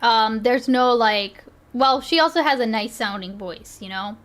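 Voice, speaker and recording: A woman's voice: on the high side, unhurried, a bit bright. A woman streamer chatting casually, constantly restarting and interrupting herself. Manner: self-interrupting, frequent restarts and laughs. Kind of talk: casual chat.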